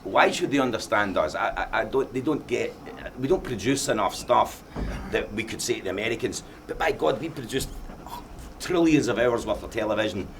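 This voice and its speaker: Passionate Glaswegian man, low voice. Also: animated, fairly quick, fairly bright tone, slight background noise. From Scotland. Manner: passionate, emphatic, repeats himself. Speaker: film director being interviewed. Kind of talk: Q&A after a film screening.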